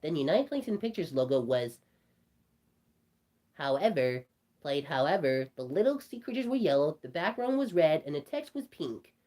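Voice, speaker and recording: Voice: medium pitch, big pitch swings, moderate pace, a little mellow, lightly acted. Someone doing Bugs Bunny, rambling storyteller. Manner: rambling, stumbling restarts. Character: cartoon rabbit telling a creepy story. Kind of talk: storytelling in character.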